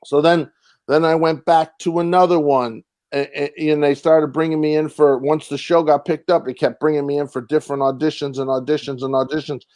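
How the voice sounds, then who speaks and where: A young man, a comedian and actor, telling a rambling, animated story with frequent restarts and casual swearing. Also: a little high, a little fast. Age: young adult.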